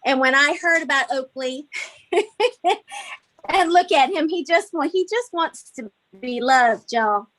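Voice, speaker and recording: A woman's voice: high voice, unhurried, pauses often, fairly bright tone. A woman giving earnest, pleading testimony at a public hearing. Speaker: dog adopter testifying at a hearing.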